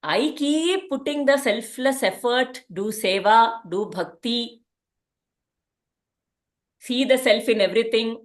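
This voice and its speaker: A woman gives a spiritual talk in a gentle storytelling manner. Her voice sits a little high, and she often restarts her sentences as she goes. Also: slow, long pauses. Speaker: spiritual teacher.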